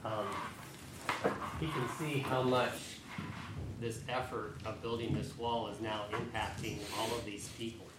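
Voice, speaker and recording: Man asking a question in a study group, musing, roomy audio under loud noise and clicks. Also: medium pitch, fairly even intonation, measured pace. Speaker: Bible study participant.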